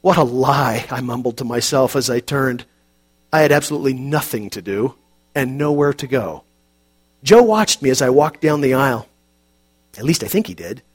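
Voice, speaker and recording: A man calmly narrating an audiobook in a measured, quiet, reflective way. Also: mid-range voice, husky.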